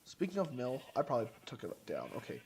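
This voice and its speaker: A man's voice: mid-range voice, wildly swooping pitch, fast, vocal fry, darkish tone. Rambling male streamer thinking aloud. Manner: rambling, thinks aloud, trails off mid-word. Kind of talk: casual gameplay commentary. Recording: noisy game stream audio.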